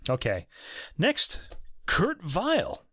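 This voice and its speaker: A man's voice: high voice, wildly swooping pitch, very slow, sharp tone, dry recording, clean studio sound. A man co-hosting a music podcast, chatting in a jokey, opinionated way with lots of fillers. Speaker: podcast co-host. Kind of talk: casual music review chat. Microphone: podcast microphone.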